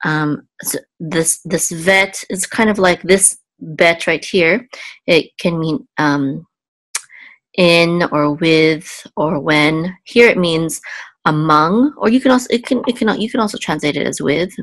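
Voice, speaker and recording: A woman with a very low voice teaches biblical Hebrew, going word by word with patient, careful explanations. She pauses often with ums and restarts. The sound is dry and close, with no room echo. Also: a bit bright.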